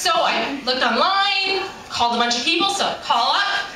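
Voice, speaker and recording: A woman from Canada with a Canadian accent, telling humorous personal stories in a lively way and laughing often. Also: high-pitched, moderate pace. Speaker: storyteller. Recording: echoey room from far off with noise.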